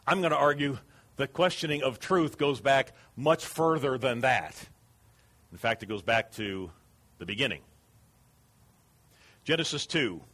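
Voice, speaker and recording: A man's voice: medium pitch, moderate pace, a bit bright. A man preaching a sermon as pastor, earnest and emphatic.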